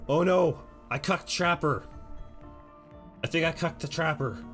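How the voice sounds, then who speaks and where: A man streaming a dating-sim game, reading the narration aloud and reacting with excitable jokes. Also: fairly high pitch, a little slow, faint music behind. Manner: excitable, joking.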